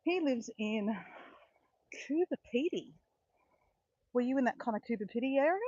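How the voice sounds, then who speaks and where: A woman chatting excitedly to live viewers on a phone while walking outdoors on a beach. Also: fairly high pitch, normal speed, husky, no echo. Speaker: walking vlogger on a live stream. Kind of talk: casual chat to live viewers. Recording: dull lo-fi phone audio.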